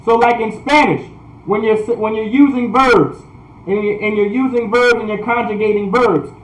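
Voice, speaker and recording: A man teaching a language class online, repeating points, often asking "all right?", and sounding out words slowly. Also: high voice, steady tone, echoey room, a little hiss or hum, poor audio. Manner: repetitive, checks in with "all right?"; restarts sentences often. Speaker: priest.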